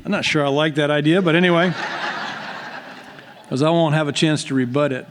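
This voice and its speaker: A man's voice: fairly high pitch, fast, noisy background. A man, a pastor, giving a folksy, self-deprecating speech at a church retirement party. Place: church hall. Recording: long hall reverb.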